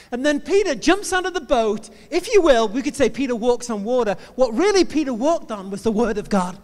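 A man's voice: extremely high pitch, lively intonation, a little fast, hardly any pauses, darkish tone. A male preacher giving a sermon in a playful, jokey storytelling manner. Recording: long hall reverb.

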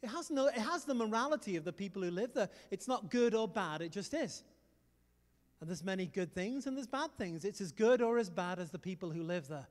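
A man from England with a Liverpool accent, preaching a sermon in a lively, chatty way with jokes to the congregation. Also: high voice, fairly quick, long reverb tail. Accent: Liverpool English. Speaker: pastor.

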